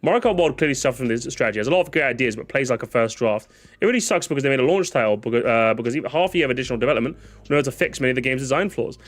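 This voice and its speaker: A man's voice: medium pitch, lively intonation, racing. A young man streaming a casual reaction to comments, sarcastic and jokey, often stammering and restarting his sentences.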